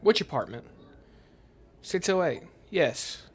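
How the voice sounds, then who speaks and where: Gameplay commentator, reads horror game dialogue aloud, hushed and uneasy, mid-pitched voice. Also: sing-song, takes it slowly, slight background noise. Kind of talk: reading game dialogue aloud while playing.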